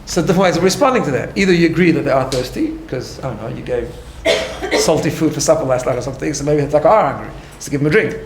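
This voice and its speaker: A man with a fairly high voice is teaching a class. He talks in an earnest, patient way and keeps checking in with his listeners. The sound carries a noticeable room echo. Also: animated, quick pace, a little hiss or hum. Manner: earnest, explains step by step, tags lines with "right?". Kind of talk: recorded class lecture.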